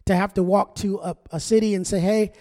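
High-voiced preacher in a reverberant hall. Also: male voice, fast talker. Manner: animated, conversational preaching with acted-out quotes. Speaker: pastor. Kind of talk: sermon.

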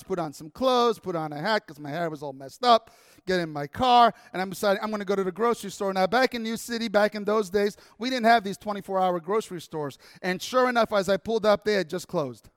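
A man preaching a sermon in a church, telling a story in a conversational, animated way that rises into excited bursts. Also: high voice, clean studio sound. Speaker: pastor. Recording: long church hall reverb.

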